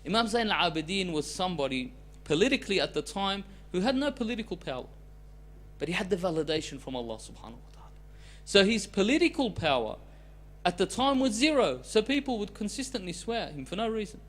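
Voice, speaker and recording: A man preaching a sermon as a story, with loudness that swings between emphatic lines and soft, hushed ones. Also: sits high, very animated, quick pace.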